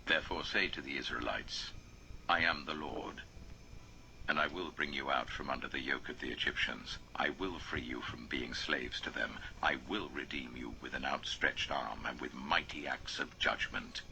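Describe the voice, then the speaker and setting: A man reading scripture aloud in a slow, solemn way, his voice often sinking to a near whisper. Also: very deep voice, bright, forceful tone, a little hiss or hum, poor audio.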